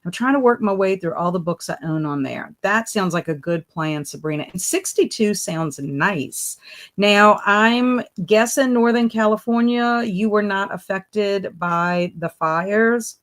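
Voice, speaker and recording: A woman's voice: mid-range voice, unhurried. Lady on a book livestream, chatty and upbeat, sing-songy hellos to viewers, middle-aged. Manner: chatty and upbeat, greets viewers by name with a sing-song lift. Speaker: booktube host. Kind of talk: casual livestream chat reading viewer comments.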